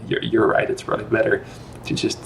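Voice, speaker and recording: A man hosting a casual podcast, talking in a relaxed, musing way that trails off. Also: lowish voice, fairly quick, vocal fry, background noise. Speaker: podcast host.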